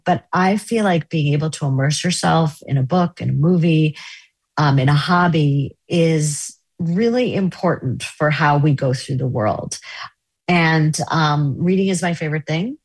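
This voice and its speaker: Husky, low-voiced woman novelist. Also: no echo. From United States. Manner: animated storytelling with fillers. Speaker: novelist, interview guest. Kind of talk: casual interview chat.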